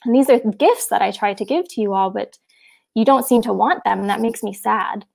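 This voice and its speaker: A woman's voice: mid-range voice, brisk, vocal fry, a little mellow. A woman voicing a grieving female spirit of Winter who speaks through sobs, wounded and pleading. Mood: sad, hurt.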